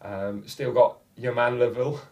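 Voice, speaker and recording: A man on a football podcast, swearing freely and telling a lively story in casual chat. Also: medium pitch, normal speed, recorded from a distance, highs cut off. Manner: swears a lot, animated anecdotes. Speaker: podcast co-host.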